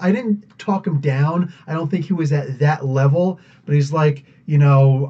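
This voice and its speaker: Man, podcast host, rambling casual chat, mellow husky voice, dull lo-fi sound. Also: fairly high pitch, fairly even intonation, moderate pace, hardly any pauses. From United States. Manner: rambling, chatty, laughs often. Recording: dull lo-fi audio.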